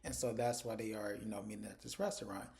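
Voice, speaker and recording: A man's voice: on the low side, steady tone, fast talker, gravelly, darkish tone. A man giving a casual recap of a TV episode, retelling it chattily through quoted dialogue. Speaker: TV episode reviewer.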